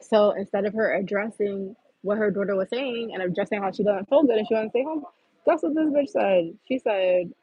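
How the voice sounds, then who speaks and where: A husky-voiced woman rants on her own livestream, blunt and full of curses. The sound is dry and a little muffled, as if from a phone. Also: medium pitch, fairly quick, no echo. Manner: blunt, profane, venting. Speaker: livestream host. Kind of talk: heated livestream rant.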